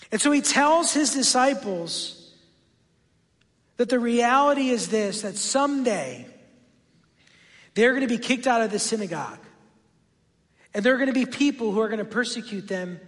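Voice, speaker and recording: A man's voice: very high voice, fairly bright tone. A man preaching a sermon in a church, talking in a conversational, anecdotal way with frequent asides. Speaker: pastor. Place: church sanctuary. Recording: long church reverb.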